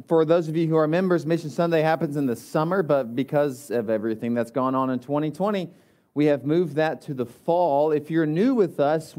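Chatty man preaching, fairly high voice. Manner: relaxed, chatty, frequent uh fillers and restarts. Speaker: pastor. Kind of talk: conversational sermon.

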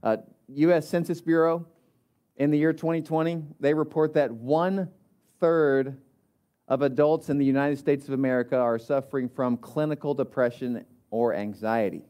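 A male pastor delivering a relaxed, conversational sermon, with frequent fillers and restarts. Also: mid-range voice, moderate pace.

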